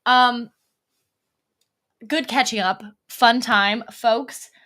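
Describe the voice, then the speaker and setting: A woman's voice: on the high side, fairly even intonation, extremely slow, pushed and bright. A woman hosting a livestream, talking in a blunt, profane, rambling way as she tells stories casually to her viewers. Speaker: livestream host.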